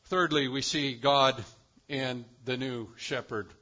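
A man preaching a sermon, building to loud emphatic swells and dropping to quiet, deliberate lines. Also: mid-range voice, fairly even intonation, muffled recording.

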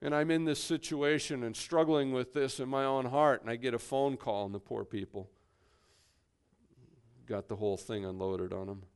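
A man preaching a sermon emphatically, swinging between hushed and forceful delivery. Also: medium pitch, fairly even intonation, moderate pace, clean tone.

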